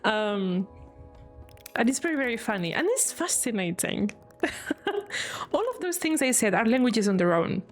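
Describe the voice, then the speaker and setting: A woman's voice: on the high side, very animated, unhurried, long pauses, faint music behind. A woman from Spain with a Spanish accent, chatting casually on a live stream, laughing often and explaining things with examples.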